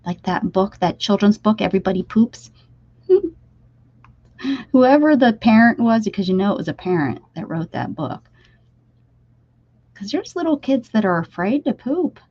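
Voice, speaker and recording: A woman's voice: medium pitch, sing-song, measured pace, pauses often, darkish tone, no room sound. A woman from Pennsylvania hosting a casual art livestream, chatting directly to her viewers while drawing and sometimes dropping into a whisper. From Pennsylvania, USA. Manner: chatty, talks straight to viewers, drifts into whispers. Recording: slightly dull lo-fi stream audio.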